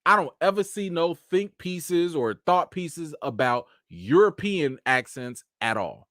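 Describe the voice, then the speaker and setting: A young man hosting a live chat show, animated commentary with mocking asides and rising near-shouts. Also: a little high, unhurried, no room sound, studio quality. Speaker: show host.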